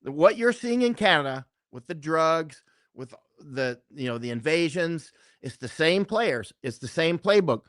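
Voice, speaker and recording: A man's voice: fairly high pitch, animated, a little slow, fairly bright tone, no echo, clean studio sound. A middle-aged man talking as an interview guest, rambling and emphatic, often checking in with "right?". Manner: rambling, keeps asking "right?". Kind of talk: conversational interview talk.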